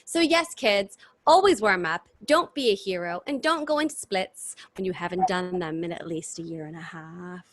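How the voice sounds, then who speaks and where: A woman, chatting as an interview guest in animated, restart-filled stories over a video call. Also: fairly low pitch, normal speed, hardly any pauses. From New York City. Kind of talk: casual chat.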